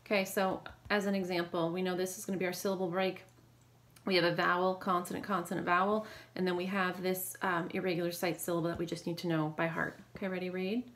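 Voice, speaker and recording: Low-voiced woman teaching phonics. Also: little pitch movement, a bit bright. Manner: brisk drill prompts with quick praise. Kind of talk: phonics lesson.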